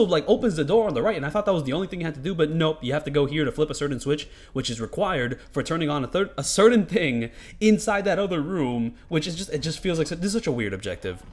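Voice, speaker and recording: A man's voice: fairly high pitch, very animated, fast talker, hardly any pauses. A man giving casual, rambling gameplay commentary, swearing freely and filling his talk with "like" and "you know". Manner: rambling, profane, lots of fillers. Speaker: gaming commentator.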